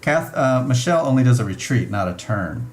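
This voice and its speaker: A woman's voice: extremely low pitch, lively intonation, brisk, darkish tone. A woman hosting a live board game session, playing the vampire, reading cards aloud and laughing often. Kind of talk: casual board game play. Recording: echoey room with music behind.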